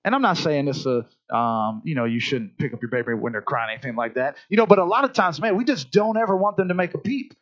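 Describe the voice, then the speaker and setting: A high-voiced man preaching in an animated, storytelling way. The recording sounds dull and lo-fi. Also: fast, few pauses. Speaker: pastor. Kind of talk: sermon.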